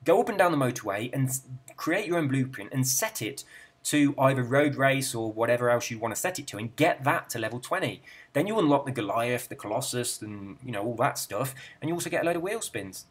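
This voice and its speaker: A man's voice: medium pitch, expressive, a little fast, breathy edge. An Englishman with an English accent, a gaming channel host chatting casually and rambling through viewer comments in a friendly, self-deprecating way. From England.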